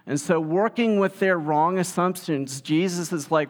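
A man preaching a sermon, telling the story in a lively way and acting out the quotes. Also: sits high, measured pace, hardly any pauses. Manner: animated storytelling, acts out quotes. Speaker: pastor. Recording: long hall reverb.

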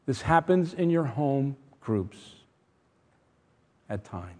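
A middle-aged man preaching a sermon, emphatic, shifting between loud stressed points and quiet asides. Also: mid-range voice, big pitch swings, takes it slowly. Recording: long reverb from a large hall.

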